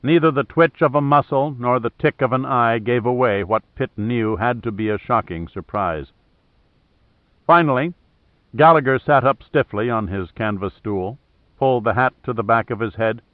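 A man narrating an audiobook in a steady, measured way. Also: medium pitch, dry recording. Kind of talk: scripted narration. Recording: thin phone-like dry audio.

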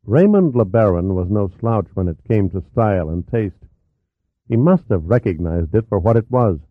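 A man reading a novel aloud as an audiobook narrator, in a steady, even way. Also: on the low side, moderate pace, no echo. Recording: tinny narrow-band audio.

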